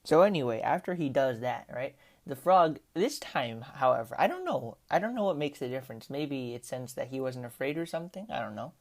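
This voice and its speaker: A woman's voice: very deep voice, expressive, brisk, few pauses, a little mellow. A woman telling a rambling, casual story over gameplay as a commentator, with lots of "like" and "right?". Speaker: gaming commentator.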